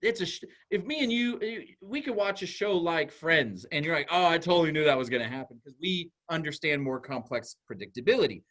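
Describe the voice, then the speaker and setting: A man's voice: fairly high pitch, animated, fairly quick, few pauses, a bit bright. A man, a school psychologist, giving an informal, conversational talk to parents and acting out little dialogues as he goes.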